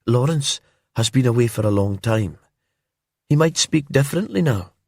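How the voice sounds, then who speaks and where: A man's voice: medium pitch, lively intonation, normal speed, darkish tone, breathy edge, dry recording, studio quality, voice pushed up. A man voicing a wistful older island woman. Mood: insistent. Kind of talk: calm storybook narration.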